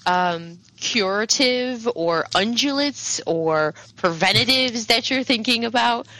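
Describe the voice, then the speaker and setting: A woman's voice: fairly high pitch, animated, takes it slowly, bright, forceful tone, no room sound, pitched above the performer's own voice, full character voice, low-quality recording. A woman doing a posh, cold shopkeeper. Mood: prim. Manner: cool, prim politeness.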